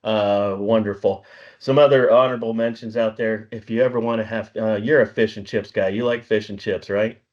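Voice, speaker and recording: A man's voice: fairly low pitch, fairly even intonation, normal speed. A middle-aged man co-hosting a podcast in casual chat, a rambling storyteller who chuckles often and acts out bits of dialogue. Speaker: podcast co-host. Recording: slightly dull lo-fi recording.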